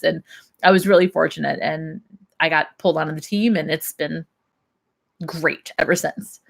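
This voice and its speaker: A woman's voice: low voice, steady tone, normal speed. A young woman and systems engineer chatting casually on her livestream, laughing often.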